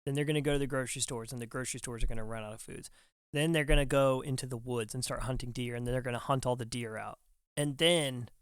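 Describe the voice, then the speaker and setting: A young adult man, a firefighter guest on a podcast, telling a story casually and acting out what other people said in quick quoted bits. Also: medium pitch, a bit bright, clear, resonant tone, dry recording, clean studio sound. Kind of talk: animated storytelling in casual conversation.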